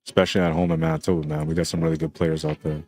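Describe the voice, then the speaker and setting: A man commentating a live pool match in an easygoing, talkative way. His voice sits very low and deep. He keeps it friendly and loose, often tacking "man" onto the end of his lines. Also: little pitch movement, racing, a little mellow. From Canada. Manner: laid-back, chatty, often ends lines with "man". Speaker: pool commentator and stream host.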